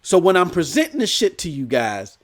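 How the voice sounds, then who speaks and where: A man hosting a gaming news stream, telling a rambling story in a loud, animated way. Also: sits high, fairly quick. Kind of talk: casual storytelling rant.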